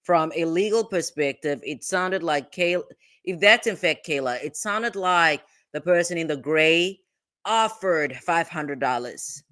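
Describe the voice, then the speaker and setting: Lady lawyer host reacting to a video, bright smooth voice, kinda incredulous. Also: sits low, lively intonation, a little slow. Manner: incredulous, chatty, thinking aloud. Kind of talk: casual legal reaction commentary.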